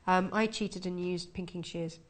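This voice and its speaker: A woman's voice: fairly low pitch, fairly even intonation, moderate pace. A woman presenting a live shopping channel from a TV studio, chatting and selling in upbeat patter.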